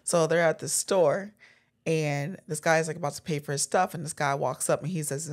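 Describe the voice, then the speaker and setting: A woman co-hosting a podcast, chatting casually and telling stories in an animated way with lots of fillers. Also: sits low, fairly quick. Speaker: podcast co-host.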